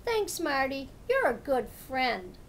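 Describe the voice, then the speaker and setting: A slow, gentle little male turtle, as a woman puts him on in a children's storybook. He talks high and soft-hearted, with a lively, rising lilt. His manner is shy and gentle. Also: a little hiss or hum, full character voice.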